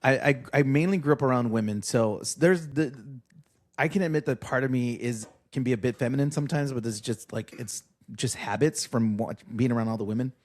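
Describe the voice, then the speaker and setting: A man in casual podcast chat, telling stories with crude humor and halting restarts. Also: medium pitch.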